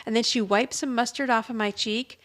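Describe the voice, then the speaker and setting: A woman with a fairly high voice co-hosts a casual podcast. She retells a TV episode with plenty of giggles, dropping into the characters' lines along the way. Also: fairly even intonation, brisk, a bit bright. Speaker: podcast co-host. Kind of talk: casual episode recap chat.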